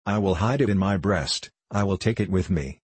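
A man's voice: sits low, moderate pace, darkish tone, breathy edge, no room sound. A man voicing an anguished hunter in a storybook reading, speaking in a pleading way. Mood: pleading, sad. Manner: pleading, emotional speech. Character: anguished young hunter seeking truth.

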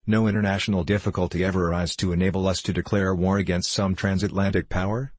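A man reading the part of a fiery, warmongering old gunnery veteran who bursts out in indignant bluster. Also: deep voice, flat delivery, quick pace, no room sound. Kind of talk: audiobook character reading.

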